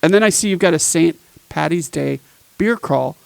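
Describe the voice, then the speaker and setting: A man's voice: a little high, moderate pace, creaky, no echo, rough recording. A man hosting a podcast, in a joking, teasing, playful casual chat. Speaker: podcast host.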